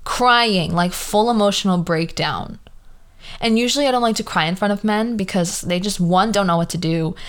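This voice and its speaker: A woman's voice: medium pitch, moderate pace, clear, resonant tone. A woman in her early twenties talking casually on her own podcast, tired and yawning, full of "like" and acted-out quotes. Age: 20s. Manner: chatty, lots of "like", animated quoted voices. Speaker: podcast host. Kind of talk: casual solo podcast monologue.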